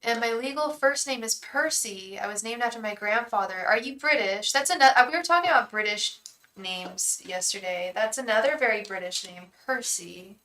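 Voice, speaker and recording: A woman's voice: on the high side, normal speed, sharp tone, poor audio. A young woman hosting a live tarot reading, chatting effusively with viewers and thanking them by name.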